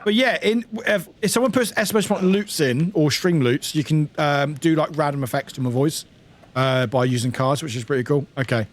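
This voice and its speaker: A man from the UK casually chats while streaming a game, laughing and swearing as he plays. His voice is on the high side and brisk.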